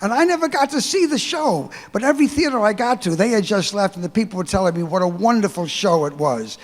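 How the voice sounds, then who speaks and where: Man, high pitch, earnest anecdote, long auditorium reverb. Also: expressive, fast. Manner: earnest, admiring storytelling. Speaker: speaker at a tribute. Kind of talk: speech, anecdote.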